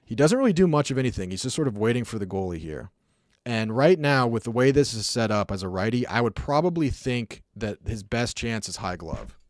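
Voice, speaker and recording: A young streamer rambles through hockey replays in casual commentary, his speech full of "like" and "um" and his mouth acting out sound effects. His middle-pitched voice is expressive and brisk, recorded dry and close with no room echo.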